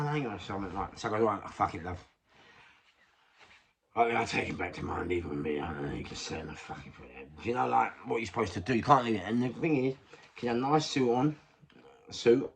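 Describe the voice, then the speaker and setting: A man's voice: fairly low pitch, lively intonation, brisk, vocal fry, long pauses, a little hiss or hum. An older man with a London accent tells a rambling street story in casual chat, swearing and laughing at himself. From England. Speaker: vlogger.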